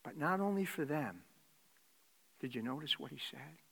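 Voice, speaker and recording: A man's voice: fairly high pitch, lively intonation, moderate pace, gravelly, husky. Preaching man in a reverberant hall. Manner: swings from loud exclamation to hushed whisper. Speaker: pastor. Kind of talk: sermon.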